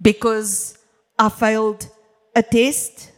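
Slow, emphatic woman preacher in a reverberant hall. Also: a little high, little pitch movement. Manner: emphatic, deliberate, addresses the congregation directly. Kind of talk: church sermon. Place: church hall.

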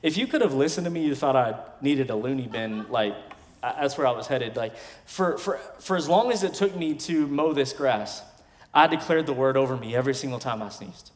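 A man in his thirties, a pastor, preaching a sermon in emphatic bursts with quiet asides between. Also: medium pitch, animated, brisk. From West Texas. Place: large church sanctuary. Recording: long hall reverb from a church sanctuary.

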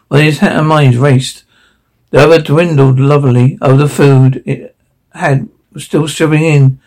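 A man narrating a storybook aloud in an animated way, often stumbling over words. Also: a little high, measured pace. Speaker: audiobook reader. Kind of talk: amateur audiobook narration.

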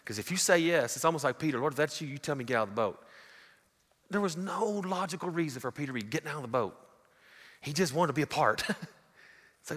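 A man preaching a sermon, telling stories and swinging from loud to hushed. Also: fairly high pitch, expressive, fairly quick. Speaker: pastor. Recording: long hall reverb.

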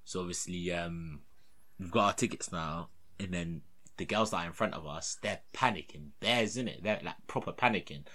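A man's voice: sits low, moderate pace, pushed and bright. A young man, telling a story in casual, slangy, rambling podcast chat. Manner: rambling, slangy, often dropping to a mutter.

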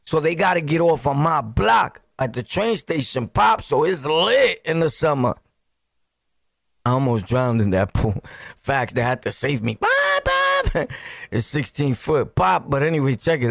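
Brooklyn dude podcasting, raspy fry, dry close sound, jumpy slangy storytelling. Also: male voice, on the high side, no echo. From Brooklyn, New York. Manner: animated, laughing, sound-effect interjections, street slang. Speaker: podcast host. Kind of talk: casual storytelling.

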